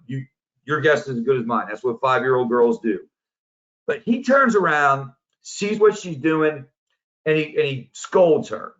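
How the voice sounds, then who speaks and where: A man who works as a positive psychology coach, giving a casual, animated storytelling presentation. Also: a little high. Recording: dull lo-fi audio.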